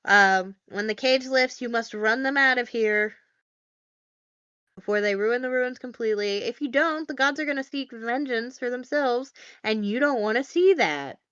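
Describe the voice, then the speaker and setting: A woman voicing a bossy male talking eagle who guards the ruins, with a shrill, urgent delivery. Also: normal speed, a bit bright, smooth, no room sound, dull audio, lightly acted.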